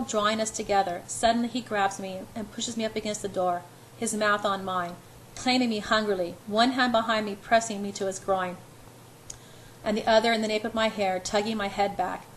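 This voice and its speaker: A woman's voice: medium pitch, steady tone, normal speed, slight background noise, rough recording. A woman narrating an amateur audiobook in the first person, earnest, with occasional stumbles.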